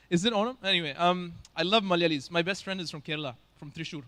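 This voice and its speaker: A man's voice: high voice, fast, a bit bright. A man from Bangalore, hosting a conference with casual joking stage banter and teasing the audience. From Bangalore, India. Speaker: conference host.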